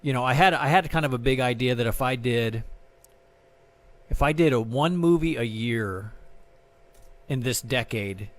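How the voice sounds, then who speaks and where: A man's voice: mid-range voice, moderate pace, long pauses. A middle-aged man, a guest artist and filmmaker, chatting in an interview, rambling and self-mocking with many restarts. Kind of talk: casual interview chat.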